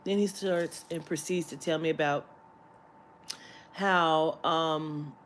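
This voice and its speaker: A woman's voice: low-pitched, steady tone, slow, slight background noise. A woman vlogger telling a story in a heated, profane rant that breaks into laughter.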